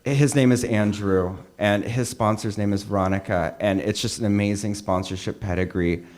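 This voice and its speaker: A man's voice: on the low side, steady tone, moderate pace, a little mellow. Candid young man telling his story. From California. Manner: candid, self-mocking, conversational with frequent fillers. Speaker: meeting speaker. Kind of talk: personal recovery talk. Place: meeting hall.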